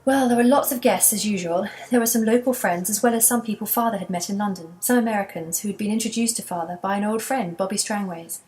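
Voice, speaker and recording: A woman voicing a wistful elderly grandmother in a children's storybook, soft and reminiscing. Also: medium pitch, fast talker, few pauses, natural voice.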